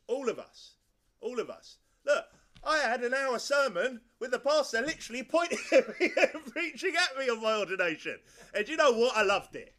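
A man's voice: very high voice, fairly bright tone. A male pastor preaching a sermon, emphatic and driving, who repeats his points and fires off rhetorical questions.

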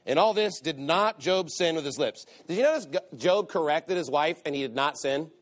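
A pastor delivering a sermon in a somewhat high male voice. He hammers his points with emphatic repetition and reads old-style scripture aloud between them. His pitch climbs as he presses a point. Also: lively intonation, normal speed. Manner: emphatic, repeats phrases for stress; reads scripture aloud in King James wording.

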